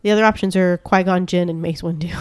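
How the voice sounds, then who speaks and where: A woman co-hosting a podcast, reading out trivia questions in casual chat and quickly praising right answers. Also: on the low side, steady tone, a little mellow, clear, resonant tone, no echo. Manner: reads questions, laughs easily, quick praise. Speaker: podcast co-host reading a quiz.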